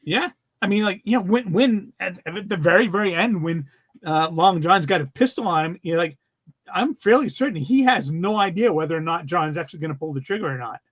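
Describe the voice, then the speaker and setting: High-voiced enthusiastic middle-aged man. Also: expressive, a little fast. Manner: enthusiastic, rambling with fillers. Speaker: podcast co-host. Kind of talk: casual movie review chat.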